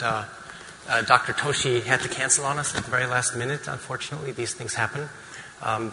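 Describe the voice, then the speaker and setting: A man's voice: mid-range voice, sharp tone. Male physician presenter, casual and joking, in a reverberant hall with faint room noise. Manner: casual and joking, with many fillers. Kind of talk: conference lecture.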